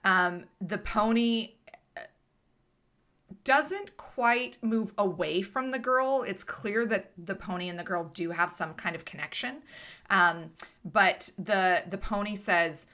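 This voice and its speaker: A woman's voice: medium pitch, slow pace, sharp tone. A woman game master narrating a tabletop game casually, with many hesitations.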